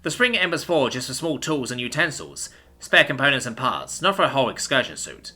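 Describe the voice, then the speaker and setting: A man's voice: medium pitch, very animated, pushed and bright, breathy edge, exaggerated voice. A man voicing a reserved male alien who speaks in faltering, broken English. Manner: halting, faltering phrasing.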